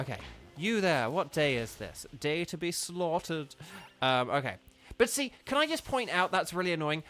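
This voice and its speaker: A man live-streaming a game, chatting loosely with his viewers, full of ums and quick laughs. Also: fairly high pitch, fairly bright tone. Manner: rambling, lots of ums and laughs, answers chat. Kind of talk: casual live-stream chat.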